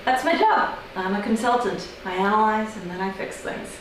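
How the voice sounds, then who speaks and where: An American woman doing an observational comedy monologue, wry and deadpan, with sudden high-pitched incredulous outbursts. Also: moderate pace, noisy background. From United States. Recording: very echoey room, mic at a distance.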